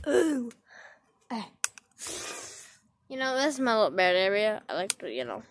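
A woman's voice: mid-range voice, lively intonation, normal speed, pauses often, slight background noise. A young woman vlogging at home in her bedroom, playful, dropping to whispers and breaking into squeals. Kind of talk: casual vlog, spying on her cat.

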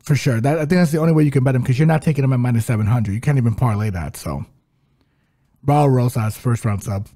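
A man's voice: medium pitch, fast, warm tone. A man co-hosting a podcast, chatting in a laid-back, agreeable way. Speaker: co-host. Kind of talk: casual betting podcast chat.

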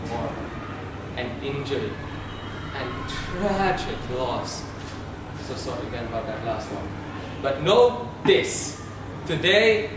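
A teenage boy delivering a formal stage speech in a slow, measured way. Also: mid-range voice. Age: teens. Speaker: drama student. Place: school hall. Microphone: far camera. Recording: very echoey hall, far from mic, noisy.

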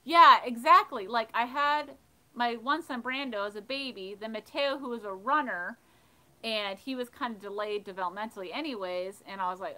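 A woman hosting a livestream, casually telling funny stories and reading chat, animated and laughing. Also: on the high side, normal speed, low-quality recording. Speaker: livestream host of a thrifting channel. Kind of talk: casual storytelling while reading live chat.

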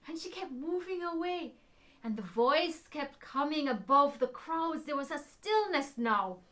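A woman telling a Bible story to children, expressive, shifting between loud emphasis and hushed whispers. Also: high voice, a little slow.

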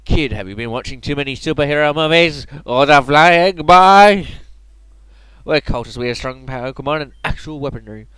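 A man's voice: mid-range voice, fast talker, hardly any pauses, a bit bright, clean tone, no room sound, lightly acted. A man voicing a threatening male cult member, menacing and dismissive.

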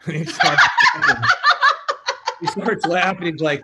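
A man's voice: fairly high pitch, expressive, normal speed, noisy background. Laughing middle-aged man telling stories. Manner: chuckles often, acts out quoted dialogue. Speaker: attorney guest. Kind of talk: casual anecdotal storytelling.

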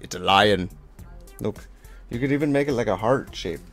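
A man's voice: on the low side, moderate pace, music in the background. A man leading a casual draw-along lesson, talking as he draws, playful and rambling with self-mocking asides. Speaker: drawing instructor.

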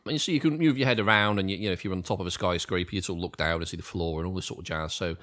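A man's voice: low voice, racing. A man co-hosting a gaming podcast, joking and telling stories in casual chat. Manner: animated, jokey, mild swearing. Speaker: podcast co-host. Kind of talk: casual chat about tabletop games.

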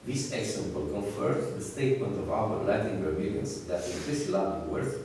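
Man, academic lecture, halting with fillers, very low voice, faint hiss. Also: expressive, darkish tone. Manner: halting, many fillers and restarts. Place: lecture room. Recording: distant echoey hall recording with hiss.

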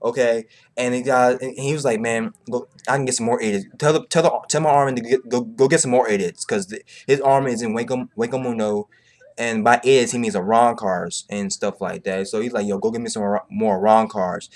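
A man rants in casual chat with a middling pitch, rambling and repeating himself. He swears freely and his voice jumps up sharply whenever he gets exasperated. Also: fairly quick. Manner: rambling, profane, repeats phrases like "bro" and "you know what I'm saying"; animated, pitch jumps high when exasperated. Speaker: manga commentator.

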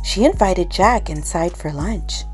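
A woman reading a children's bedtime story aloud in an expressive, dramatic way with pauses. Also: fairly low pitch. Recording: soft music underneath.

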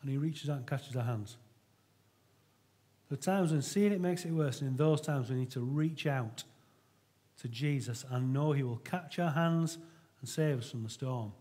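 A man's voice: medium pitch, normal speed, mellow, breathy edge. A middle-aged man preaching a sermon to his church in an earnest, conversational way, often restarting his sentences.

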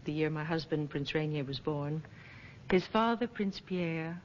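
A woman giving scripted documentary narration in a poised, measured and formal manner. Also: low voice, a little hiss or hum. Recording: dull lo-fi 1970s film sound.

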